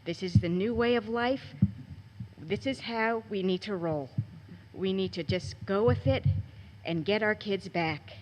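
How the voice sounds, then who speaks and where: A woman's voice: mid-range voice, unhurried, slight background noise, poor audio. Emotional mother in her forties pleading at a school board meeting. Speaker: parent giving public comment.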